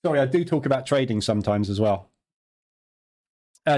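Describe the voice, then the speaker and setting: A man's voice: medium pitch, animated, moderate pace, dark tone. A British man hosting a live trading stream, chatting and joking in a digressive way.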